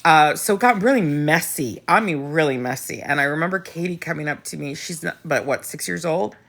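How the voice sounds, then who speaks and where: A woman's voice: sits low, brisk, creaky, a bit bright. A middle-aged woman hosting a casual live chat, talking candidly and bluntly with frequent restarts and the odd swear word. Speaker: host.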